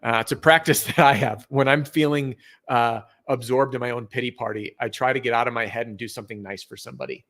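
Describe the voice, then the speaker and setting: A middle-aged man talking as a podcast guest, telling stories in an earnest, energetic way. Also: medium pitch, fast talker, few pauses. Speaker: podcast guest, roofing sales trainer. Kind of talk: casual interview chat.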